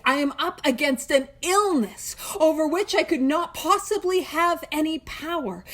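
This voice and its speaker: Woman hosting a book study, high voice, chatty and self-deprecating, cracks little jokes. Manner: casual, self-deprecating, joking asides. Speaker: host of a study group.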